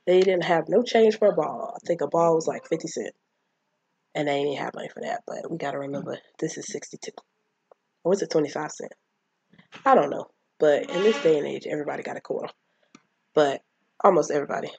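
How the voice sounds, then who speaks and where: A woman's voice: low-pitched, fairly quick, creaky, long pauses, darkish tone, husky, no room sound, rough recording. A woman casually retelling a childhood movie, chatting and acting out the characters' lines. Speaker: movie recapper.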